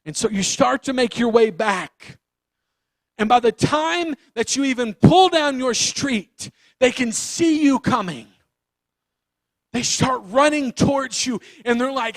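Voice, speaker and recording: A man preaching a youth sermon, animated and acting out the voices of the story. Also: very high voice, a little slow, dry recording. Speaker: youth pastor.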